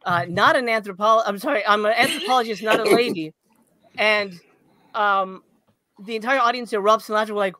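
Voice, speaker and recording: A man co-hosting a podcast, telling a story in a casual chat, getting excited, laughing and swearing. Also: very high voice, a little fast, no echo. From Los Angeles area. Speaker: podcast co-host.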